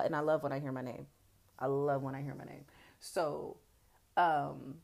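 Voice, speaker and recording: Gravelly, blunt young woman podcast host. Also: very deep voice, fairly bright tone. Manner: blunt, profane and boastful. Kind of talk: candid casual storytelling.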